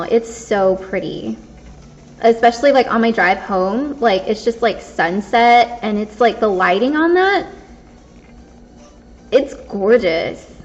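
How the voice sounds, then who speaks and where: A young woman vlogging casually, rambling and self-conscious, full of fillers and restarts. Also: mid-range voice. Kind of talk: casual storytelling vlog. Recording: dull lo-fi recording.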